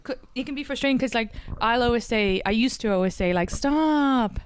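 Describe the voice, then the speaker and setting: A woman's voice: on the high side, slight background noise. A young adult woman with a mixed Dublin and country Irish accent, a guest comedian telling rambling stories in a casual podcast chat. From Ireland. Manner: rambling storyteller, quick asides, frequent laughs.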